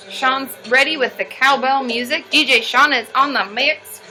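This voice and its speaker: A woman hosting a live stream as a therapist, chatting casually and getting loud and excitable as she cheers. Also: sits high, normal speed, faint music behind.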